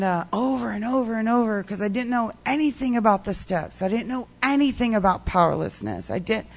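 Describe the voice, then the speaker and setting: A woman's voice: medium pitch, a bit bright. A woman telling her personal recovery story in a rambling way, full of "like" and "um". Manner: rambling, heavy use of "like" and "um".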